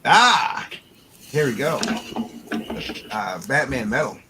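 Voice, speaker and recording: A man co-hosts a livestream auction in a casual, rambling way, leaning on fillers as he goes. His voice sits at an ordinary pitch. The audio carries steady background noise. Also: slow. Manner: rambling, laid-back, many fillers. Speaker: co-host of charity auction stream. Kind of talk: casual chat. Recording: noisy stream audio.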